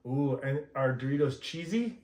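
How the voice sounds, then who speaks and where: A man's voice: mid-range voice, animated, moderate pace, a little mellow, recorded from a distance. A man hosting a casual family vlog, playful and teasing as he chats with his relatives. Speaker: vlog host. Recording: echoey room, faint background noise.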